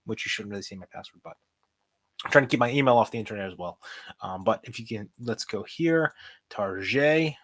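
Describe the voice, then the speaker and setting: A young man hosts a relaxed livestream about stocks and thinks aloud as he clicks through charts. His voice sits at an ordinary middle pitch. The sound is dry and close, with no room around it. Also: dry recording. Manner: chatty, thinks out loud while reading charts. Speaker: host. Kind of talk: casual livestream stock commentary.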